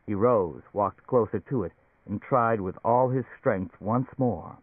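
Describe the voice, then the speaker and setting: A man narrates an audiobook in a measured, steady way. His voice sits on the low side. The sound is dry and narrow, like it comes over a phone. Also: slightly rough, no echo.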